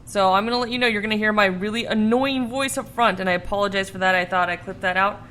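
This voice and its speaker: A woman's voice: medium pitch, fast talker, a bit bright. Chatty woman hosting a ghost podcast. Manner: chatty, laughing, swears freely. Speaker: podcast host. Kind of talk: casual podcast talk.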